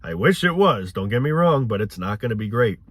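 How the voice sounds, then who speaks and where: A man's voice: mid-range voice, very animated, fairly quick, a bit bright, no room sound. A man ranting cynically in a rambling, profane casual monologue.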